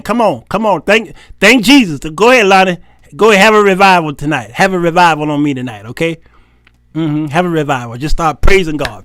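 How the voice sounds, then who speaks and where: A man's voice: fairly high pitch, fairly bright tone, no room sound, studio quality. A man hosting a faith-based talk show, joking and laughing often with a preacher-like cadence. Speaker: host.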